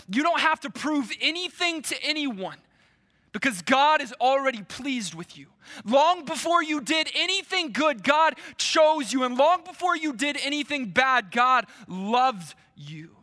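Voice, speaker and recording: A male pastor preaching a sermon to his church, slow and emphatic, with dramatic pauses. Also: very high-pitched, lively intonation, bright, forceful tone.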